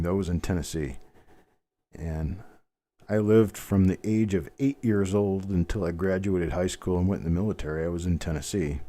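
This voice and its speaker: A deep-voiced, warm-toned man in his fifties from the American Midwest, with a general Midwestern accent, hosts a live coin-hobby stream. His unboxing commentary is chatty and folksy, full of rambling asides.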